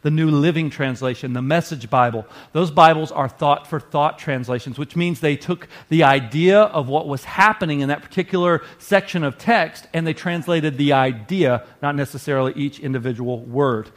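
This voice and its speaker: Pastor guy preaching, earnest and chatty, slightly high voice. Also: moderate pace, hardly any pauses. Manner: earnest, conversational preaching with asides to the congregation. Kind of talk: sermon.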